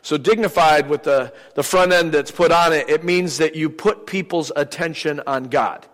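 A man's voice: a little high, normal speed, fairly bright tone, in a large hall, poor audio. An older man, a visiting preacher, giving a sermon in a joking, conversational way, acting out little anecdotes. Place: church sanctuary.

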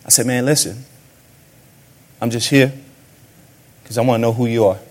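A man preaching a sermon as a pastor, swinging between sudden shouts and hushed asides. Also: medium pitch, steady tone, normal speed.

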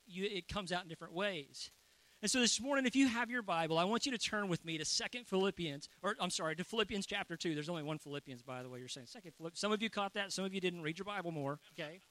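High, bright pastor preaching. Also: male voice. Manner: conversational and joking with the congregation. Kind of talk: sermon.

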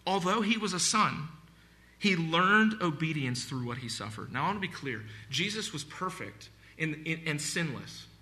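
Pastor guy preaching, real bright tone, earnest and pushing hard on his points. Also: a little high. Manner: earnest, emphatic preaching with scripture reading. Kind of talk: sermon.

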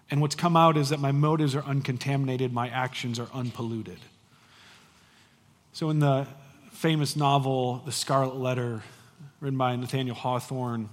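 A man in his forties preaching a sermon as pastor, emphatic and animated with casual conversational asides. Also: mid-range voice, in a large hall.

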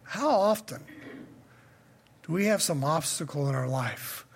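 A man's voice: a little high, lively intonation, unhurried, creaky, husky. A male pastor preaching a sermon in a conversational style that builds to emphatic questions.

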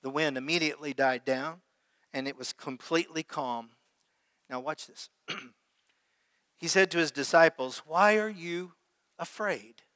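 A man's voice: a little high, fairly even intonation, moderate pace, pauses often, fairly bright tone, dry recording, in a large hall. A man preaching a sermon as pastor, reading scripture aloud and calling out questions to his congregation. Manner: preaches with prayer and call-and-response to the congregation.

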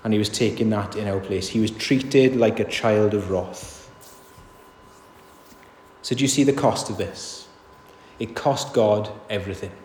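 A man's voice: fairly low pitch, unhurried, pauses often, a little mellow, slight background noise. A man preaching a sermon in a church, earnest and emphatic, often asking his listeners rhetorical questions. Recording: echoey hall reverb.

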